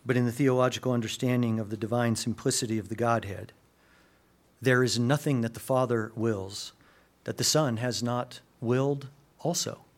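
A man preaching a sermon, dropping to hushed low asides and rising to loud, emphatic peaks, acting out quoted dialogue in lively voices. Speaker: pastor.

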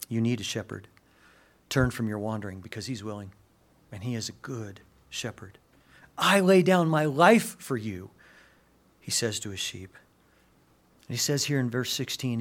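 A male preacher delivering a sermon at a medium pitch. He slides between quiet, low-spoken asides and loud, emphatic passages. Now and then he voices the people he quotes in animated, conversational tones. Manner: acts out quoted dialogue in lively voices. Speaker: pastor.

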